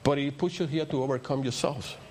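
A man's voice: mid-range voice, steady tone, fairly quick, darkish tone. An older man with a Spanish accent, a native Spanish speaker, preaching a rambling, story-filled sermon that builds to emphatic peaks. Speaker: pastor.

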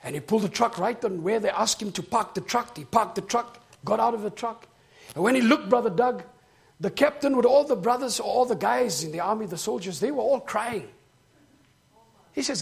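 A man preaching a sermon. He tells a story and then builds to shouted, rhythmic preaching. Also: high-pitched, animated, normal speed, creaky.

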